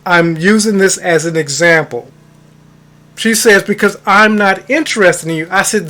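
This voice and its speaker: His voice sits high, sounding pushed and bright, and he talks at a normal speed. The man is a manifestation coach telling a story in an easygoing monologue, emphasizing words and speaking to listeners as "guys."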